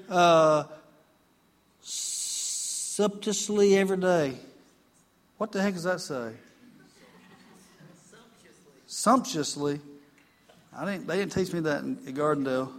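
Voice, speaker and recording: A man's voice: on the high side, a bit bright. A man preaching a folksy sermon, reading scripture aloud and asking the congregation for amens. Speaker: pastor.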